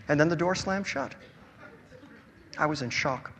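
A man reading his own story aloud at a live event, with a wry, expressive storytelling manner. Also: fairly high pitch, measured pace. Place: event hall. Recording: long hall reverb.

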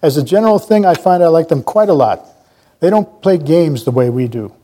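A man's voice: a little high, animated, brisk, mellow. A man voicing a skinny, chatty young male traveler who muses wryly, without putting on an accent. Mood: opinionated. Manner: chatty, musing, plain voice with no accent.

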